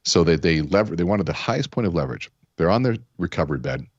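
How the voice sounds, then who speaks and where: Deep-voiced man telling stories. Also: lively intonation, quick pace, breathy edge, dry recording, dull audio. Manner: storytelling, acts out quoted characters, many fillers. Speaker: keynote speaker, podcast guest. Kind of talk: conversational interview with told stories.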